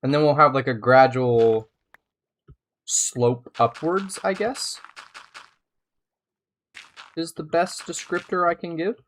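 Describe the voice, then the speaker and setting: A man's voice: on the high side, steady tone, takes it slowly, pauses often, slight background noise. A man live-streaming a building game, chatting casually and thinking aloud as he plays.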